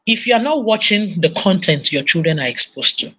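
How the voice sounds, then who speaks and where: Nigerian woman preacher, lively storyteller, parenting sermon. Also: lowish voice, brisk, breathy edge. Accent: Nigerian English. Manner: animated storytelling, acting out voices. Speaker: conference speaker. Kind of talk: sermon-style parenting talk.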